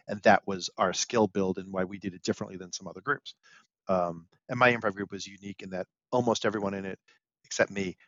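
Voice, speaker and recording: A man co-hosting a podcast, telling a story about his improv show in a lively way. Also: lowish voice, no echo, highs cut off. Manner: animated storytelling, acts out quotes. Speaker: podcast co-host and improv performer. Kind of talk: casual storytelling chat.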